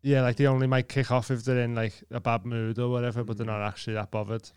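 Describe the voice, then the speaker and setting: A man chatting on a podcast in the studio. His voice is smooth and resonant, and it sounds close and dry with no room around it. He swears casually and slips into little acted-out quotes as he tells stories. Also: mid-range voice, flat delivery, fast, a little mellow, no echo. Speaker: podcast co-host. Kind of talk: casual chat. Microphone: studio mic.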